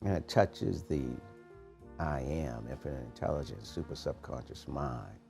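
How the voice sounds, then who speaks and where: A man hosting a morning podcast, giving a preachy, animated motivational talk in street-casual phrasing. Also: extremely low pitch, unhurried, vocal fry, music in the background. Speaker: podcast host, motivational coach.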